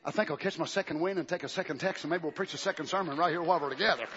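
A male pastor preaching a fervent sermon in a church, swinging between shouting and hushed talk. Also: on the high side, racing, background noise. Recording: dull recording with long hall reverb.

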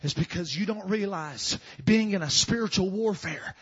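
Fervent preacher, shouting and murmuring. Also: male voice, sits high, normal speed, highs cut off. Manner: fervent, swings from soft to shouting. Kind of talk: sermon.

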